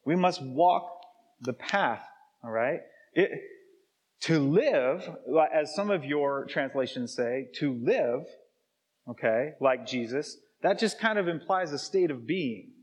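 A man's voice: fairly high pitch, lively intonation, slow, husky. A man preaching a sermon to his congregation, with a conversational manner and constant check-ins like "okay?" and "right?". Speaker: pastor. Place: church sanctuary. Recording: live church hall with long reverb.

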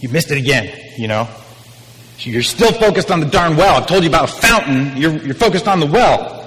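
A man's voice: a little high, sing-song, fairly quick, a bit bright, big-room sound, poor audio. A man voicing a patient, matter-of-fact male teacher who speaks plainly and wryly.

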